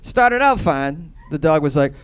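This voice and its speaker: A man in his thirties from Boston doing a stand-up comedy set, telling a loose, profane story with sudden loud bursts. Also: on the high side, lively intonation, a little slow, slight background noise. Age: 30s.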